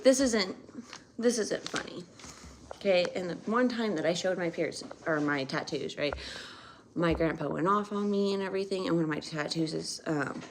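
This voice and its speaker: A woman's voice: mid-range voice, rough recording. A young woman venting about her family in a casual monologue, recorded outdoors on her phone with wind around her. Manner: frustrated, keeps tagging "right?". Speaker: vlogger. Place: outdoors on her farm, windy.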